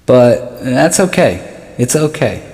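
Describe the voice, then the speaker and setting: A man's voice: mid-range voice, sing-song, takes it slowly. A man doing a rambling, self-mocking stand-up comedy set, often laughing at his own jokes. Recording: live hall echo with loud noise.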